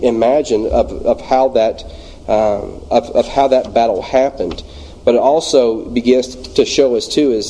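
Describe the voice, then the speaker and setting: Mellow-voiced Louisiana man teaching Bible study. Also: medium pitch, low-quality recording. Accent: Louisiana Southern US. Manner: halting, many fillers and restarts. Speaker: church minister leading a Bible study.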